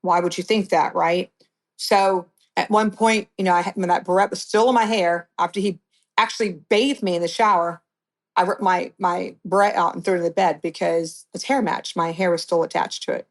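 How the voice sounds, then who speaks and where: Middle-aged woman guest, slightly low voice, blunt storyteller who restarts often. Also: fairly even intonation, normal speed. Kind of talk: personal account in an interview.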